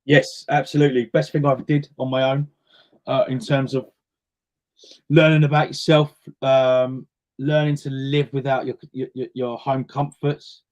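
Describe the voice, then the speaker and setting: A man's voice: mid-range voice, level tone, normal speed, darkish tone. A man, talking casually as a guest in an interview and acting out the voices of the people in his stories. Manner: chatty storyteller, acts out quoted voices. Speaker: guest singer.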